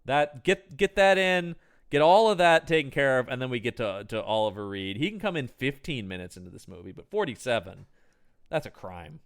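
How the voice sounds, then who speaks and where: Lively man co-hosting a film chat. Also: mid-range voice, brisk, clean tone. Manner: animated, throws in cast trivia and jokes. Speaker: podcast co-host. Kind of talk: casual film review chat.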